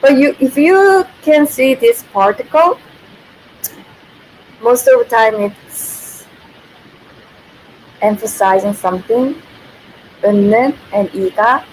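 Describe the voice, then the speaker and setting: A woman's voice: a little high, measured pace, pauses often, darkish tone, a little hiss or hum, low-quality recording. A woman, a native Korean speaker, giving a casual livestream language lesson who thinks aloud, corrects herself and laughs often.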